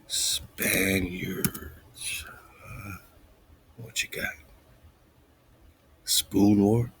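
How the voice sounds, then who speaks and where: A man hosting a radio show, thinking aloud as he looks up words, muttering and whispering asides to himself and reading quoted lines slowly. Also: on the low side, fairly even intonation, vocal fry, noisy background. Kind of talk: casual research talk, looking up words live.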